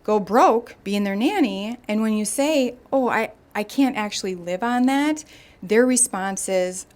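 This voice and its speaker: A young woman hosts a podcast in a casual, storytelling way. She is animated and chatty, and she slips into voices for the people she quotes. Her pitch is mid-range for a woman. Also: unhurried. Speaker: podcast host.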